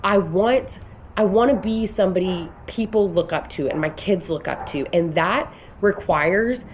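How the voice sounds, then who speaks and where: An American woman in her thirties vlogs casually about business and belief, coaching in an earnest, emphatic style that rambles and restarts. Her mid-range voice moves at a measured pace, with slight background noise.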